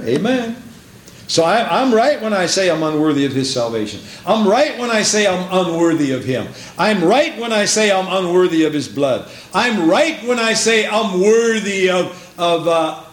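A man preaching a sermon in an emphatic, repetitive style that builds to shouts. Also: high-pitched, roomy sound, poor audio.

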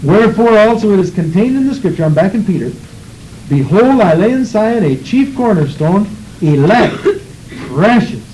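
A man preaching with fervor, his high voice swooping widely between phrases as he reads scripture and prays. The tone is mellow and soft-edged. A faint hiss of church background sits behind him. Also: lively intonation, moderate pace, rough recording. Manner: fervent, rhythmic preaching with scripture reading. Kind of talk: sermon.

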